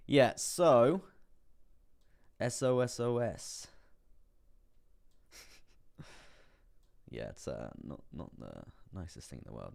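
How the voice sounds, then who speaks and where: A very deep, gravelly-voiced man hosts a casual crypto trading stream, speaking slowly and pausing often. He rambles chattily through the charts with many fillers, chuckling to himself along the way.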